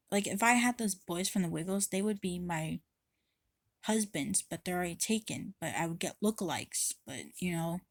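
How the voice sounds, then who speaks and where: A woman's voice: on the low side, no echo, studio quality. A woman vlogger ranting to camera in a rambling way, swearing often and restarting her sentences. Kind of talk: casual rant to camera.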